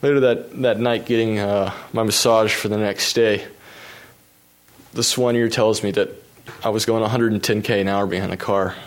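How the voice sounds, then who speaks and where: A man, a professional cyclist, telling a personal race anecdote in a relaxed, self-deprecating way with fillers. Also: lowish voice, normal speed.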